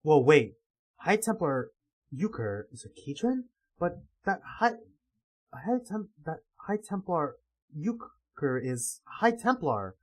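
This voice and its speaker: Excitable male streamer, lively swearing reactions, animated pitch. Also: takes it slowly. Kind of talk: casual livestream reading commentary.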